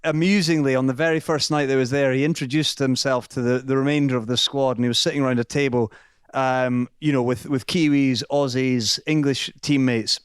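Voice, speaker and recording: A man guest telling an anecdote on a live show, halting and amused. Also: medium pitch, steady tone, smooth, dry recording, clean studio sound. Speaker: guest storyteller.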